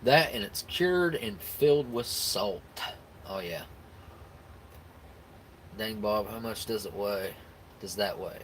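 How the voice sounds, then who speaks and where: A man from the States talks in a relaxed, rambling way as he hosts a live stream, answering viewer comments. His voice sits a little low, and a faint hum of room noise runs underneath. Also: slow pace, long pauses. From United States. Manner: rambling, easygoing, with frequent restarts and laughs. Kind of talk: casual chat reacting to viewer comments.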